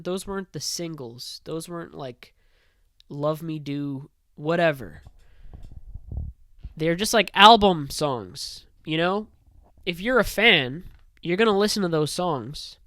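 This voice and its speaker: Rambling, casual film commentator, smooth voice. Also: medium pitch, no echo. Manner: rambling, loose, filler-heavy opinion talk.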